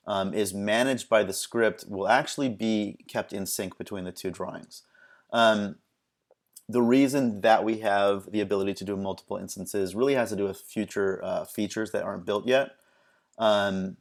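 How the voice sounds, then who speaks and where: A man presenting a screen-recorded software tutorial, talking casually and haltingly with many ums and restarts. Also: lowish voice.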